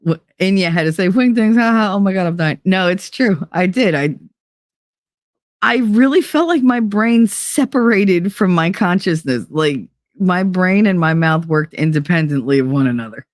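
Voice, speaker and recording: A woman's voice: lowish voice, lively intonation, normal speed, dry recording, studio quality. A middle-aged woman hosting a casual live stream, talking candidly and profanely, laughing often and acting out voices of people she quotes. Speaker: livestream host.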